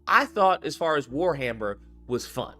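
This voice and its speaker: A man's voice: on the high side, big pitch swings, moderate pace, sharp tone, faint music behind. A man hosting a livestream, ranting about video games with lots of swearing and repetition while reading out chat comments. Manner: profane, heated, rants and repeats itself. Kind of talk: unscripted gaming rant.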